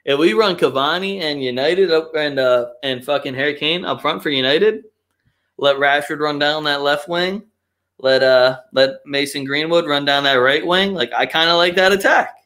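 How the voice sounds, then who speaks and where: A man's voice: a little high, moderate pace. A young man hosting a casual live soccer chat, swearing a lot and ranting with strong opinions, sometimes mocking others in put-on voices. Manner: profane, opinionated, animated rants with mocking voices. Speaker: podcast host.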